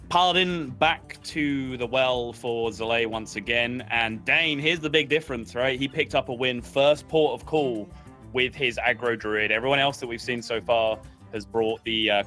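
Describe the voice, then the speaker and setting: Bright-voiced wry male co-caster. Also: mid-range voice, moderate pace, soft background music. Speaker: esports co-caster. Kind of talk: live game commentary.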